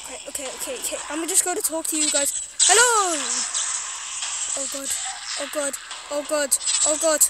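A woman's voice: sits high, moderate pace, long pauses, heavy background noise. A woman playing a horror game, jittery and talking to herself as she goes. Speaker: gaming streamer. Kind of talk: horror game let's play.

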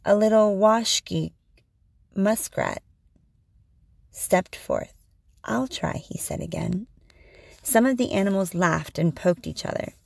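A woman reading a storybook aloud in a slow, measured way. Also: mid-range voice, creaky, dry recording.

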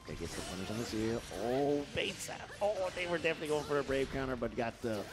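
A man giving playful, excitable live commentary on a fighting game match, acting out the players' thoughts. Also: medium pitch, fast, over music.

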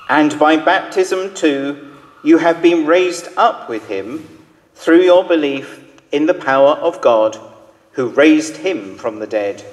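Slow solemn male lector in church. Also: on the high side. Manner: measured, solemn reading. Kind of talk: liturgical scripture reading. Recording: reverberant church hall.

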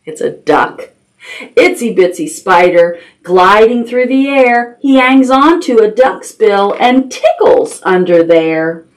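A woman's voice: medium pitch, animated, slow. A woman reading a picture book aloud to toddlers as a children's librarian, sing-song and playful, adding animal noises and sound effects.

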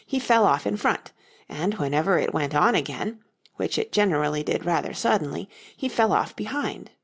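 A woman narrating a storybook in a steady, measured reading. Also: fairly low pitch, gravelly, breathy edge. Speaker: audiobook narrator.

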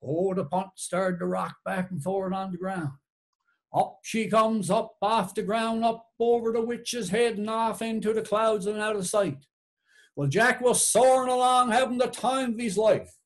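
A man's voice: high voice, measured pace. A man with a Newfoundland accent telling a folk tale aloud, folksy and rhythmic, with many repeated tags. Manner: folksy, rhythmic, repeats "she said" and "sure enough". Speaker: storyteller.

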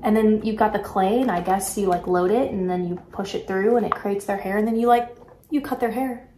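A woman's voice: medium pitch, brisk, dark tone, echoey room, a little hiss or hum. A woman chatting casually and enthusiastically while showing off a shopping haul, with lots of filler words. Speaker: haul vlogger. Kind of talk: casual product haul chat.

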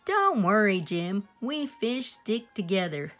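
A woman's voice: mid-range voice, sing-song, takes it slowly, fairly bright tone, soft background music. A woman voicing a cheerful little brother fish in a children's storybook, reassuring his brother.

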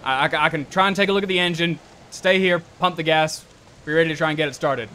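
A man doing a gruff, cursing grown man. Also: fairly high pitch, fast talker, pushed and bright, slight background noise. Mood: urgent. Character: gruff, frustrated grown man, swears a lot.

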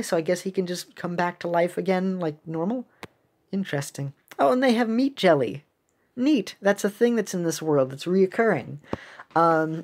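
A woman's voice: lowish voice, darkish tone. A woman hosting a game video who chats casually about the cutscenes, musing and trailing off with ums.

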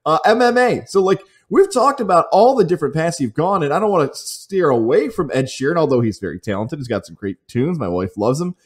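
A man's voice: fairly high pitch, lively intonation, brisk, few pauses. A man from Central New York hosting a podcast, asking questions and joking in a conversational way. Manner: jokey, conversational interviewer. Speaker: podcast host. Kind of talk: casual podcast interview.

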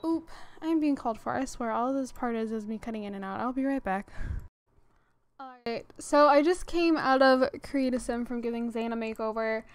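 A woman's voice: a little high, normal speed, smooth. A young woman hosting a gaming channel, giving casual, rambling commentary and often laughing as she talks.

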